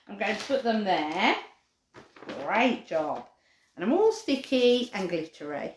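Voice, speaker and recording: Her voice is medium in pitch and a little slow, recorded with a roomy sound. She's running a live craft class for kids in an animated, chatty way, tossing in playful dog barks from time to time.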